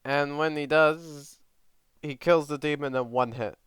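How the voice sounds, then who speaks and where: A man's voice: on the high side, fairly even intonation, measured pace, a bit bright, clear, resonant tone, no room sound, clean studio sound. A man casually narrating a fan story, chatty and self-correcting with side comments.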